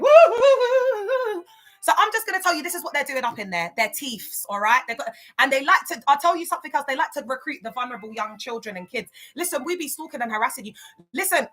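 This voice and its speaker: A woman talks to her live-stream viewers in a bright, forward voice. She is outspoken and emphatic, full of street slang and quick endearments like babe and my love. Her talk is loose and chatty, and she reads the comments as they come in. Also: a little high. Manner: lively, slangy, talks straight to the chat with endearments.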